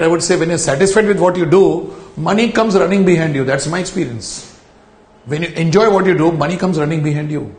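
A man's voice: on the high side, darkish tone, reverberant. A man giving a recorded lecture in a studio, stressing key words and repeating phrases for his students.

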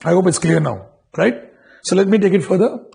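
Male corporate trainer, slightly high and gravelly, lecturing with rhetorical check-ins. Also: lively intonation, a little fast, dark tone. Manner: repetitive restarts, rhetorical questions.

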